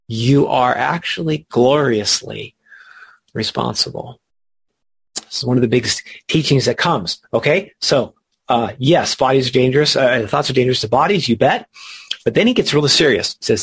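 A man's voice: medium pitch, lively intonation, moderate pace, gravelly, husky. A man teaching a spiritual study group, earnest and emphatic, drawing out key words, with chatty asides between readings.

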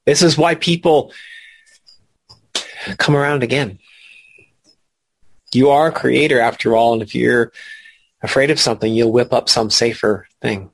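A man leading a spiritual study class, explaining ideas in an animated way, laughing and asking questions. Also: mid-range voice, a little slow, gravelly, long pauses, breathy edge, no echo. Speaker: spiritual teacher.

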